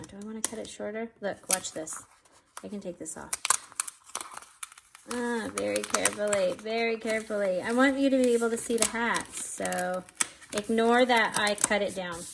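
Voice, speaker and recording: Chatty craft lady teaching card making, bit out of breath, gravelly mid voice. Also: medium pitch, background noise. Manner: chatty, self-deprecating, talks to viewers while working. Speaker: card-making tutorial host. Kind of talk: casual craft tutorial.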